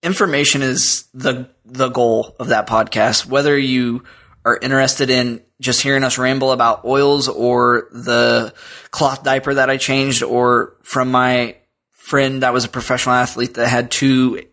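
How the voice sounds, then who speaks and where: A man chats loosely as a podcast guest, talking over a remote call. His voice has a bright, forward edge. He wanders through his points with plenty of ums and half-finished restarts. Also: medium pitch, level tone. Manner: rambling, halting with fillers. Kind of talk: casual chat.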